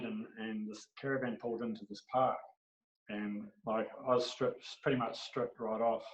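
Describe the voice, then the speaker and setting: A man with an Australian accent, a podcast guest telling rambling, animated anecdotes in casual storytelling. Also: on the low side. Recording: dull, echoey room recording.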